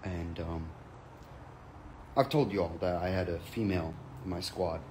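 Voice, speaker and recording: A man's voice: sits low, moderate pace, a little mellow, a little hiss or hum. A man telling a comic anecdote in a casual, profane way, jumping into quoted voices. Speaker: comedian telling a story.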